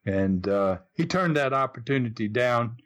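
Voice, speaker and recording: A man's voice: medium pitch, expressive, moderate pace, a bit bright. An older man with a Southern US accent, a retired wrestling promoter, telling stories in a casual interview in a rambling, folksy way with many restarts.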